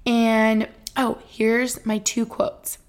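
A woman's voice: fairly high pitch, monotone, drawn-out words. A young woman in her twenties hosting a casual solo podcast, chatty and bubbly with lots of fillers. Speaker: podcast host.

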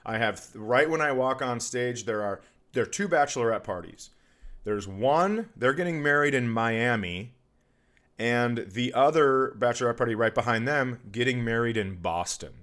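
A man hosting a podcast, telling a crude, animated story about a rough comedy show and mocking hecklers in put-on voices. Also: medium pitch, normal speed. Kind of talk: casual storytelling chat.

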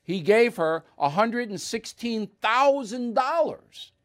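A man's voice: very high-pitched, animated, slow, fairly bright tone. A male talk host delivering blunt, combative opinion commentary with mocking asides.

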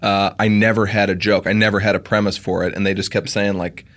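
A man's voice: lowish voice, level tone, fairly quick, a bit bright. A man co-hosting a comedy podcast, playing along dryly with the joke. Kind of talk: improvised comedy chat.

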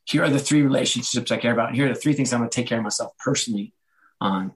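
A man at a middle pitch talks through his experiences in a relaxed interview. He is candid and pokes fun at himself. He slips into quoted lines as he tells his stories. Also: racing, poor audio. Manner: candid, self-deprecating, animated storytelling with quoted dialogue. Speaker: guest, author and former sports executive. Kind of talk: conversational podcast interview.

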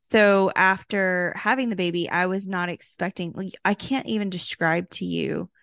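A woman co-hosting a podcast in casual chat, chatty and quick to laugh, acting out the voices of people she quotes. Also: lowish voice, steady tone, vocal fry, a bit bright, no echo, studio quality. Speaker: podcast co-host.

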